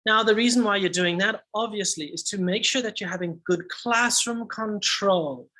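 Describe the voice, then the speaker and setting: A man who trains English teachers, walking through a lesson plan in a lively way with frequent "okay" and "all right". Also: high-pitched, normal speed, rough recording. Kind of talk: teaching tutorial.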